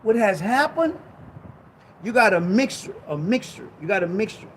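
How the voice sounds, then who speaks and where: A man in impassioned, preachy talk on a ministry show, emphatic and repetitive, with casual slang, at times rising to shouts. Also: high-pitched, big pitch swings, normal speed, slight background noise. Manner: conversational street slang.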